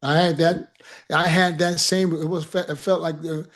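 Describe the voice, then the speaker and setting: Man, slightly high voice, rambling profane anecdote teller for a casual chat show. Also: moderate pace. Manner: animated, profane storyteller with laughs.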